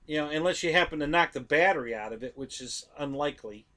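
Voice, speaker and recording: A man's voice: on the high side, fast talker, pushed and bright. A man hosting a live stream, chatting casually about model planes, rambling, correcting himself and talking straight to his viewers.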